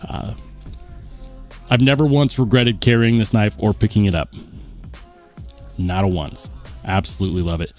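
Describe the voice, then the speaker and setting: A man's voice: on the low side, fairly even intonation, moderate pace, long pauses, a little mellow, soft background music. A man hosting a live stream in casual chat, reading viewer comments aloud and reacting in an upbeat, rambling way. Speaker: livestream host.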